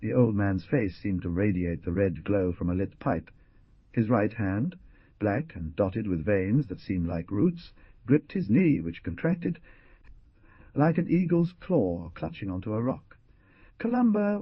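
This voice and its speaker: Low husky guy narrating an audiobook, lively up and down reading, dull dry sound. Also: dry recording. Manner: measured storytelling. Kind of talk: scripted narration.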